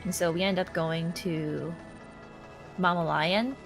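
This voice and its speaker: A young woman with a gravelly, fry-laden voice sitting a little low in her range tells a long, rambling story while she plays. She chats casually and jumps up high when she acts out other people's lines, over faint music. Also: takes it slowly. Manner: rambling, animated, quotes others in a raised voice. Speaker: streamer chatting while playing a game.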